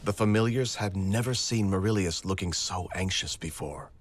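A man narrating a storybook adventure game aloud in a measured, dramatic way. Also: sits low.

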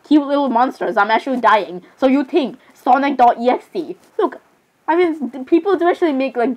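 A young woman with a somewhat high voice chats through a game, giggling often and stumbling over her words. She rambles casually, filling her talk with "literally" and "I'm sorry" asides as she reacts. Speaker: gamer. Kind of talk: casual gameplay commentary.

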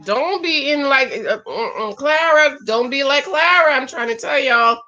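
A middle-aged woman reacts to reality TV in a sassy, exclamatory way, calling her viewers "child" and "ladies." Her voice sits fairly high and swings widely, jumping from low groans to sudden high exclamations. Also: expressive, a little slow, bright, forceful tone, highs cut off. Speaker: reaction video host. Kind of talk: casual reality-show reaction commentary.

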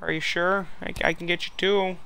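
A man's voice: sits high, level tone, moderate pace, vocal fry, sharp tone, clean tone, pitched above the performer's own voice, heavily acted. A man voicing a meek, over-apologetic male neighbor who fawns and keeps saying sorry. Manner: fawning, sheepish apologies.

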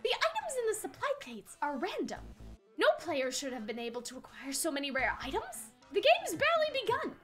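A woman's voice: high voice, huge pitch swings, brisk, faint music behind, voice pushed down. A woman voicing a strict young male house warden in a put-on British accent, clipped and stern.

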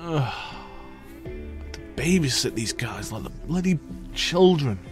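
A man's voice: medium pitch, very animated, takes it slowly, soft background music. A young man casually commentating his gameplay, exasperated and ranting, swearing at the game. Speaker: let's play gamer.

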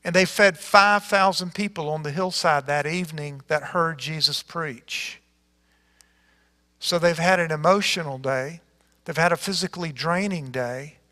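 A man preaching a sermon as pastor, reading scripture dramatically with big swings from loud to hushed. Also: on the high side, a little slow, big-room sound. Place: church sanctuary.

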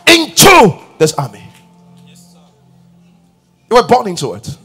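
A middle-aged man preaching a fiery sermon, shouting commands and muttering mocking quotes in a raspy voice. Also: wildly swooping pitch, slow, soft background music. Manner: shouting, acts out mocking quotes in low mumbles. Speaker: pastor. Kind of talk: energetic sermon.

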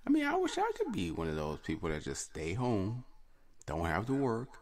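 Brief: male solo podcaster, low voice that swings widely in pitch, crude and rambling. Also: huge pitch swings, moderate pace. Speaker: podcast host. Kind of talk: casual solo podcast monologue.

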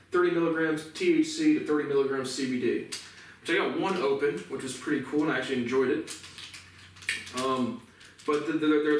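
Angry guy swearing up a storm to his cam, kinda high voice, super echoey room, sitting back from the mic. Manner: profane, indignant, repetitive. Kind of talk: angry ranting monologue to camera. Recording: echoey room, voice far from mic, faint noise.

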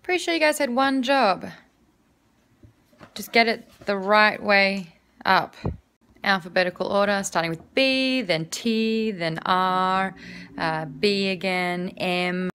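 A woman's voice: medium pitch, slow, a bit bright, a little hiss or hum. An Australian woman hosting geek culture content, talking in playful, jokey, self-mocking comedy clips. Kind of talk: comedic short vlog clips.

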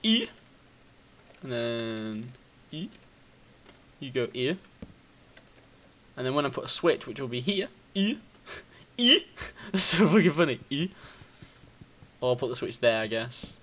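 A man giving casual gameplay commentary, excitable, thinking out loud, swearing and bursting into high squeals. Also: measured pace, pauses often. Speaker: gaming video host.

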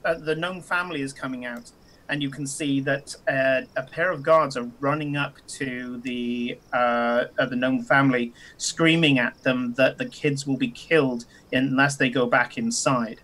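A man, narrating a tabletop game as game master, halting with many fillers and chuckles. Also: mid-range voice, fairly even intonation, fairly bright tone.

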